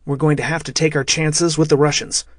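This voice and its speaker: A man's voice: on the high side, level tone, a little fast, dry recording, studio quality, far from the mic, close to an everyday voice. A man voicing a tough male officer giving curt orders. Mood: commanding. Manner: curt, commanding.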